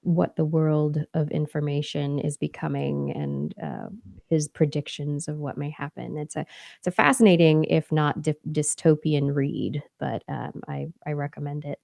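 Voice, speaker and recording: Lowish-voiced woman in casual podcast chat. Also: fairly even intonation, gravelly, darkish tone, no room sound, clean studio sound. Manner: halting, many fillers, playful with silly voices. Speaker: podcast co-host.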